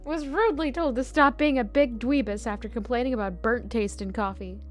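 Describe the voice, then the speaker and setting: A young adult woman streaming a game, reading its text aloud and telling stories in a giggly, animated way. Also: on the high side, brisk, soft background music.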